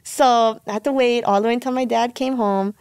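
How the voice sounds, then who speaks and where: A woman's voice: on the high side, brisk, clear, resonant tone, no echo, clean studio sound. A woman in her twenties from Hawaii, a pro surfer guest telling a story in casual podcast talk, full of "like" and acted-out quotes. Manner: animated, acts out quotes, lots of "like".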